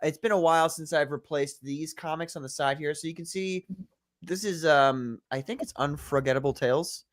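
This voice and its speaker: A man's voice: a little high, steady tone, moderate pace. A man co-hosting a livestream, talking loosely and profanely and reading viewer chats aloud. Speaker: podcast co-host. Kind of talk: casual livestream chat.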